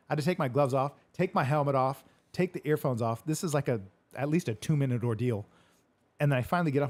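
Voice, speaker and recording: A man's voice: medium pitch, fast talker, a little mellow. A man hosting a casual podcast chat, swearing freely and acting out the arguments in his stories. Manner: swears a lot, retells arguments animatedly. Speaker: podcast host.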